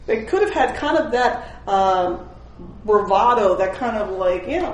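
Woman, Bible study leader, animated storytelling, roomy echo. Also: medium pitch, a little slow, a little hiss or hum. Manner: animated storytelling, acts out quotes, laughs often. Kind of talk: informal spoken devotional. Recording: roomy echoing room.

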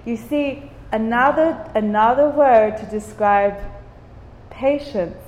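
A woman's voice: on the high side, slow, darkish tone. A woman from Cyprus leading an informal devotional talk for a small group. She engages her listeners with questions and repeats words for emphasis. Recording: roomy hall with long reverb.

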